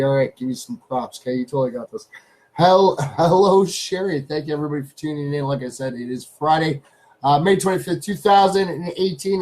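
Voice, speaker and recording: A man's voice: fairly high pitch, a little mellow, poor audio. A Canadian man hosting a casual live stream from his home studio. He chats loosely, repeats his phrases, and calls out to his pets.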